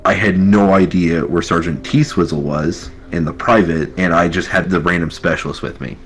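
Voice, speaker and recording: An army veteran recounting a wild night in a rambling, profane, casual way. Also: male voice, sits low, fairly even intonation, moderate pace, few pauses, a little hiss or hum, poor audio. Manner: rambling, profane, full of fillers. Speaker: army veteran telling his story. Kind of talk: casual storytelling.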